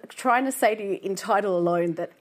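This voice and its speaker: A woman's voice: mid-range voice, brisk. A woman on a radio talk panel, arguing passionately. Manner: passionate, argumentative. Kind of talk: radio talk show debate.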